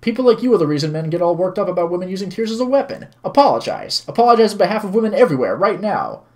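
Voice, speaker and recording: A man reading aloud as a stern, condescending older woman who scolds harshly and loudly. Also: medium pitch, very animated, fast, lightly acted. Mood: furious. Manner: loud, barking, demanding.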